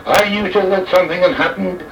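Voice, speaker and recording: A man's voice: high voice, noisy background. Man reciting a theatrical verse tale. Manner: theatrical, slow and deliberate delivery. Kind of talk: dramatic verse recitation as an old jockey. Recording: echoey, distant, dull old recording.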